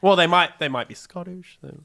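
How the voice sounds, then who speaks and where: A man's voice: high-pitched, fairly quick, vocal fry, pushed and bright. A man chatting as a podcast guest, throwing in dry, teasing quips. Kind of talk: casual chat.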